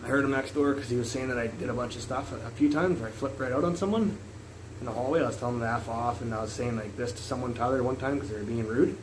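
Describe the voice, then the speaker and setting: Loud rambling man swearing as he cooks. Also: medium pitch, fast talker. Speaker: live streamer. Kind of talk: casual live-stream chat while cooking. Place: home kitchen. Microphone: phone. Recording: noisy phone stream.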